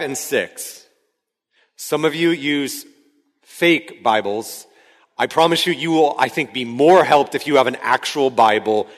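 A man in his thirties preaching a sermon as pastor, conversational and rising to shouts when he acts out a scene. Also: medium pitch. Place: church sanctuary. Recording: hall reverb from a large room.

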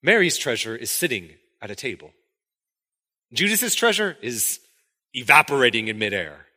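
A man's voice: medium pitch, normal speed. A man preaching a sermon in a conversational way, acting out quotes from the story as he goes. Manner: conversational, animated, acts out quotes. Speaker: pastor.

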